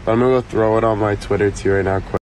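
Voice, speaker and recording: A man's voice: lowish voice, steady tone, fast, darkish tone, rough recording. Rambling young man over street noise. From Canada. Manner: rambling, filler-heavy, joking. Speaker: live streamer. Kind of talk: casual live stream chat.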